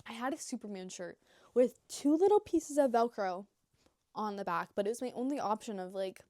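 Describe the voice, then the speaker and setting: A woman's voice: animated, moderate pace, warm tone, no echo, clean studio sound. Rambling young woman vlogging. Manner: rambling, swearing, bursts into squeaky acted quotes. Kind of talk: casual chat.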